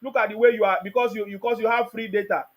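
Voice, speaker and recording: The host of a live call-in stream, a man with a Nigerian accent, talks at a quick pace in a high, fairly bright voice with fairly even intonation. He's combative in the heated debate, insistently repeating what he demands.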